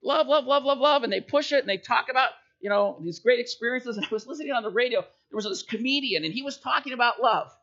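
A man's voice: extremely high pitch, fast talker, hardly any pauses, sharp tone, highs cut off. A man preaching a sermon in a conversational way, telling jokes and stories and checking in with his listeners. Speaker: pastor.

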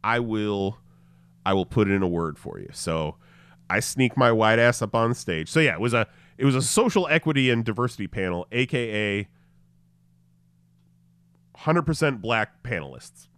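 A man's voice: fairly low pitch, lively intonation, moderate pace, a bit bright, smooth, no room sound. A man hosting a podcast, telling a story in a casual chat, acting out the voices and laughing often. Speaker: podcast host.

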